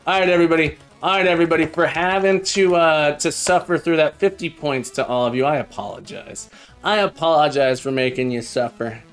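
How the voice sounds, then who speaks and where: A man's voice: on the high side, fairly quick, clear, resonant tone, soft background music. A man live-streaming while he codes, chatting casually and thinking aloud as he debugs, with a self-mocking manner.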